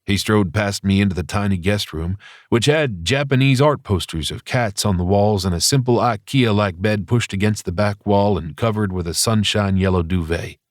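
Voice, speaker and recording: Male audiobook narrator, deep low voice, dry close studio sound, even first-person telling. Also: normal speed, no echo.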